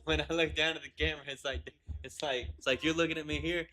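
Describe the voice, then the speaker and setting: A man's voice: a little high, fairly even intonation, quick pace, sharp tone. A man hosting a casual live stream, laughing a lot and swearing as he reads chat comments aloud into a laptop mic.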